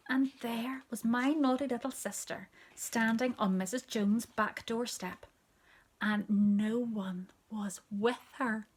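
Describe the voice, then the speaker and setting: A woman telling a children's story aloud, storybook style. She reads expressively, slipping into a hushed near-whisper for the quieter asides. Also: a little high.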